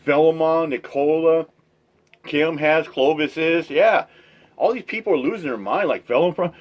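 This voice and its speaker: A man's voice: on the high side, normal speed, muffled recording. A man reacting to a clip, chatting crudely and laughing at the people in it. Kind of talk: casual reaction commentary.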